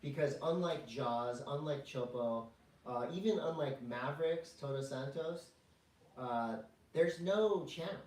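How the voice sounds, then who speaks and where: A man co-hosting a podcast in casual chat, rambling with jokey deadpan asides. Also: medium pitch, measured pace, roomy sound, distant mic, rough recording. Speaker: podcast co-host.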